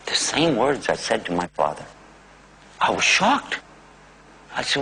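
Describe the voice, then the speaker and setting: A man telling a personal faith story in a religious talk, animated and acting out the voices. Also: a little high, moderate pace, breathy edge, poor audio. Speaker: speaker.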